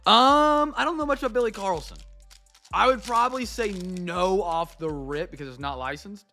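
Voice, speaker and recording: A young man hosting a live card break, chatting to viewers and going off on excitable, rambling sports rants. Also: sits high, moderate pace, creaky, faint music behind.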